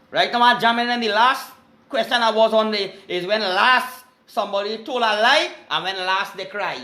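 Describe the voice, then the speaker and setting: A Trinidadian man hosting a rambling live stream, with loud, excited greetings and shout-outs. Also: high-pitched, a little fast. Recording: echoey room.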